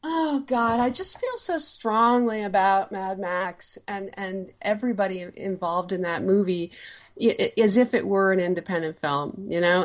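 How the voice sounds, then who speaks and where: A woman on a podcast panel, speaking emphatically with many halting restarts. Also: on the low side. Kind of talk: casual podcast chat about films.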